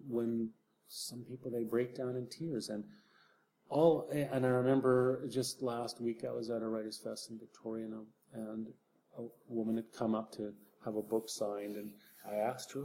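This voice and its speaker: A man with a dark, mellow and gravelly voice speaks reflectively in an interview. He talks in a soft, halting way, often circling back and restarting his sentences. A faint hiss sits behind him. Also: lowish voice. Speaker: author.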